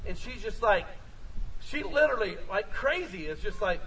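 High-voiced, bright preaching man heard from afar. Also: fast, slightly rough, far from the mic, low-quality recording. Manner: energetic, storytelling, rising to shouts. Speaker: pastor. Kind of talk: sermon.

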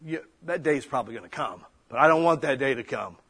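A male pastor giving a conversational sermon, swinging between loud emphasis and soft, near-whispered lines. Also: mid-range voice, expressive, quick pace, breathy edge.

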